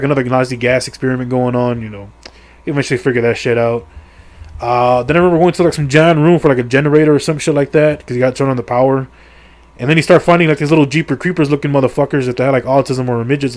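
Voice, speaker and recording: A middle-aged man tells a game's story in a loose, rambling way, swearing constantly and throwing in crude jokes. His voice sits fairly high for a man, and he fills the gaps with "like" and "you know.". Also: fast talker. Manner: rambling, profane, crude jokes, lots of fillers. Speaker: gaming video creator. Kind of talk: casual comedic game story recap.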